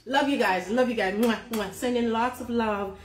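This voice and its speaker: A woman's voice: fairly high pitch, moderate pace, echoey room, a little hiss or hum. A woman hosting a casual livestream on a phone in a holder, laughing often as she reads out viewer names. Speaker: livestream host.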